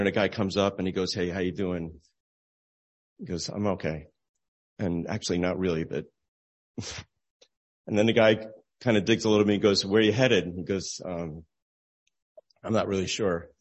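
A man giving an informal sermon, talking conversationally and retelling a story with voiced dialogue. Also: low-pitched. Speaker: preacher.

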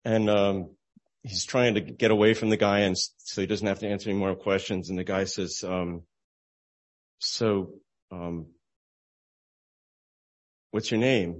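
A man's voice: low voice, little pitch movement, moderate pace. A man giving an informal sermon, talking conversationally and retelling a story with voiced dialogue. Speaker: preacher.

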